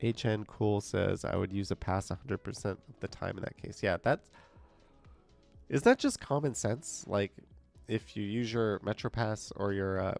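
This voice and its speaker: Stuffy-nosed man, gravelly and low. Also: darkish tone. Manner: chatty, reads viewer comments aloud and answers them. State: stuffed up, nasal from a cold. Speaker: live streamer reading chat. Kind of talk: casual live-stream chat. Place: indoors.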